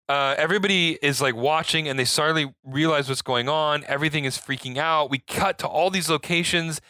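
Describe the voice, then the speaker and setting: A man's voice: fairly high pitch, no echo. A man co-hosting a podcast, retelling movie scenes in casual chat with frequent laughs and lots of yeahs. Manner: animated retelling, laughs often, says yeah a lot. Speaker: podcast co-host.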